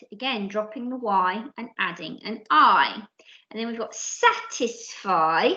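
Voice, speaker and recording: A woman teaching phonics to young children in a slow, patient, encouraging way. Her voice is bright and crisp. The audio is dull and lo-fi, with a roomy echo. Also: medium pitch, expressive. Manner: slow, clear and encouraging, with frequent praise. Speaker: primary school teacher. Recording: dull lo-fi audio in an echoey room.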